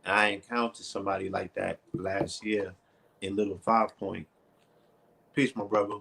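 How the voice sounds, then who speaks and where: Male co-host, lowish, gravelly voice, easygoing and conversational. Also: level tone, moderate pace, background noise. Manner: laid-back, conversational, checks in with the listener. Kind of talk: casual chat.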